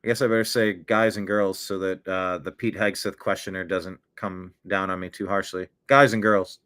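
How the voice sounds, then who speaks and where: A man's voice: low-pitched, level tone, normal speed, a bit bright, clean tone. A middle-aged man hosting an online political commentary show, blunt and sarcastic with rambling asides.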